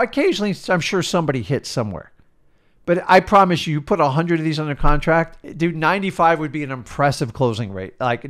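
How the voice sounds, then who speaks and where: Worked-up man coaching, higher voice. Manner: emphatic, worked up, swings between loud bursts and quiet asides. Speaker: real estate coach. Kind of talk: energetic coaching rant.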